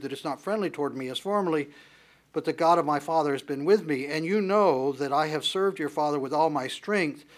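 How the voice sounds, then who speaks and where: A man's voice: a little high, a bit bright. A man preaching a sermon, retelling scripture in a casual way and acting out bits of dialogue. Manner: conversational, retells scripture with acted dialogue and chuckles.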